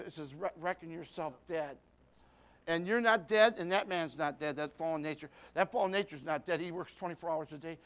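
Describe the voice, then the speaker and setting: A man's voice: on the high side, a bit bright. A man preaching a sermon, telling a folksy story with lots of repetition and rhetorical questions.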